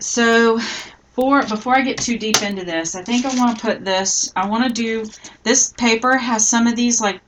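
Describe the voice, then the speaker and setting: A middle-aged woman hosting a live scrapbooking tutorial, chatting casually and thinking aloud as she works, often trailing off softly. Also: mid-range voice, slight background noise, rough recording.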